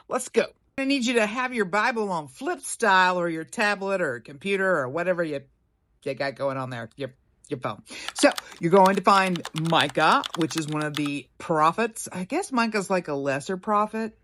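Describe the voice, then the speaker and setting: A woman's voice: fairly low pitch, lively intonation, moderate pace, a bit bright, no room sound, studio quality. A woman preacher giving a casual Bible lesson to camera, chatty and playful, with slangy asides. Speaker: preacher teaching Bible study.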